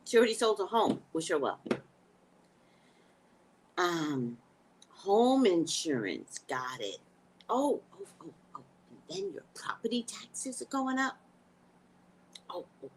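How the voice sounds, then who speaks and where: A woman psychic hosting a live news talk, her voice sitting low yet swinging widely in pitch. She talks bluntly and emotionally, with frequent swearing. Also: big pitch swings, slow pace, pauses often, a little hiss or hum, low-quality recording. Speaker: psychic host.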